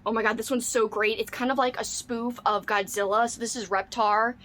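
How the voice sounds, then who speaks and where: A young woman vlogger chats through an unboxing, her voice sitting a little high. She gushes constantly, piling on "like" and "oh my god" as her delight spills over. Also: fairly even intonation, a little fast, a bit bright, a little hiss or hum. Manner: gushing, squealing with delight, says "like" and "oh my god" often. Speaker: book vlogger. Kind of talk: excited unboxing chat.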